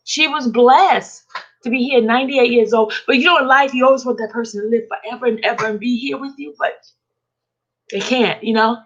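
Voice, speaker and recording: A woman's voice: on the high side, fairly bright tone, lo-fi sound. Tearful woman talking to viewers. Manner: tearful, halting, repeats herself. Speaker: vlogger hosting a live stream. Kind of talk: emotional live-stream talk to viewers.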